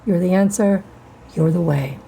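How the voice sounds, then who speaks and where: A middle-aged woman hosting a spiritual channel, giving a defiant, profane monologue with drawn-out, emphatic phrasing. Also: fairly low pitch, creaky, dark tone, slight background noise.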